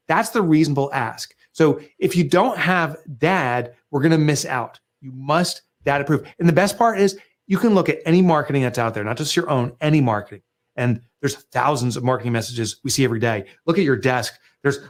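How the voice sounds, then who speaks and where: A middle-aged man, an author and guest, talking business in an animated, emphatic way and acting out sales pitches in lively asides.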